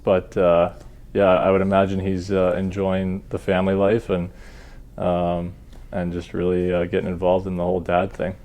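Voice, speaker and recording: In a laid-back podcast interview, a Canadian hockey goalie in his thirties speaks at a normal speed with a voice that sits low. He's self-deprecating and fills his answers with plenty of ums and uhs.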